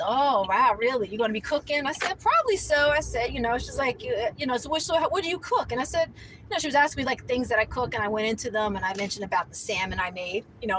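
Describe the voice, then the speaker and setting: Middle-aged woman, high voice, lively storyteller who laughs a lot and jumps up in pitch when shocked; faint vehicle hum. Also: rough recording. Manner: animated, laughing, voice shoots up high when outraged. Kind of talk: casual storytelling.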